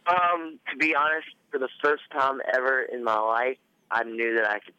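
Man, radio guest, hesitant, lots of fillers, forceful and resonant, dry muffled recording. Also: medium pitch, steady tone, normal speed, clean tone, dry recording. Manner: hesitant, full of ums and likes. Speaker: guest motocross racer. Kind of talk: casual radio interview.

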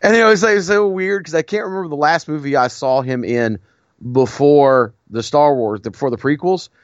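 A man's voice: on the high side, brisk, no echo, lo-fi sound. A man co-hosting a podcast in casual chat, rambling and digressing with frequent restarts. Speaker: podcast co-host.

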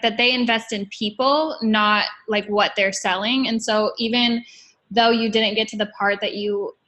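A woman's voice: mid-range voice, fairly bright tone. A woman interviewing a guest in casual chat, asking loosely phrased questions.

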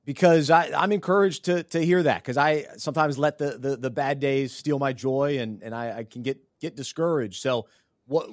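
A man hosting a podcast, asking interview questions in a halting way and repeating words as he goes. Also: medium pitch, dry recording, clean studio sound. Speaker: podcast host.

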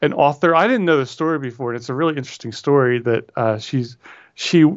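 A man's voice: mid-range voice, fast, no room sound. A man co-hosting a casual podcast chat, rambling and correcting himself with wry asides. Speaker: podcast co-host. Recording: dull lo-fi audio.

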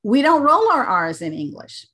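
An American woman working as an accent coach, explaining things clearly as an interview guest and turning animated when she tells stories. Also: high-pitched, normal speed. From United States.

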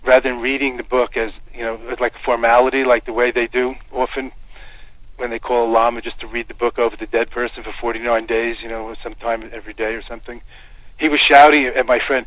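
An American man, a Buddhist teacher, giving calm, meandering interview answers and leading a guided meditation. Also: medium pitch, no echo. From United States. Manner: calm, unhurried, meandering with soft fillers. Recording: tinny phone-like line, dry.

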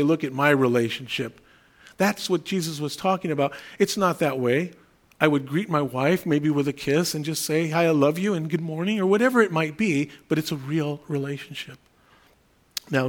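A middle-aged man giving a conversational sermon as a pastor, telling humorous everyday stories with restarts. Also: a little high.

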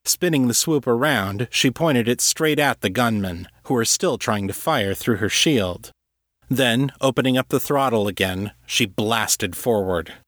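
A man narrating a serialized fantasy story in a steady, measured way. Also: mid-range voice, no room sound, studio quality. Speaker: narrator and author. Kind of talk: scripted audiobook narration.

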